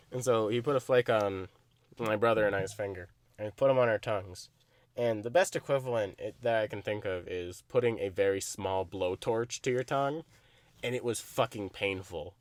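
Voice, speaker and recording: A young man co-hosting a podcast, telling stories in a casual chat, animated, often laughing and swearing. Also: lowish voice, moderate pace, no echo. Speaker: podcast co-host.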